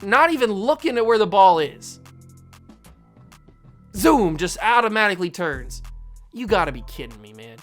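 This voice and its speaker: A woman's voice: medium pitch, sing-song, normal speed, long pauses, soft background music. A woman hosting a gaming channel, giving live commentary on a football video game while venting her frustration at the play.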